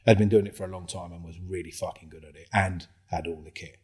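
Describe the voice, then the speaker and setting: Talking quickly in a husky, low register, this Englishman recounts his days as an undercover officer during an informal interview. Profanity flows freely, and he plays out other people's dialogue with vivid, quoted voices.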